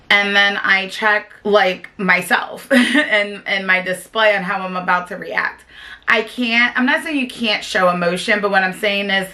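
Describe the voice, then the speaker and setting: A woman's voice: mid-range voice, pushed and bright. A young woman vlogging as a stay-at-home mom, talking in a chatty, earnest way and saying "like" often. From South Jersey, USA. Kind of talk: casual talk to camera.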